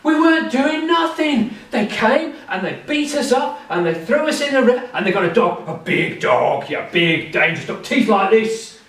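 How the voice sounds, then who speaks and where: A man's voice: very high voice, very animated, moderate pace, hardly any pauses, fairly bright tone, pitched above the performer's own voice, full character voice. A man voicing a drunk, boastful young man who is the mayor's son, ranting in a whiny, self-important way, heard in a roomy hall from a distance.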